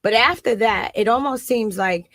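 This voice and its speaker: A middle-aged woman with a Brooklyn accent, telling stories as a guest in a casual interview, blunt and animated. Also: on the high side, normal speed, no echo, low-quality recording. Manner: blunt, animated, acts out others' voices. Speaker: rapper guest.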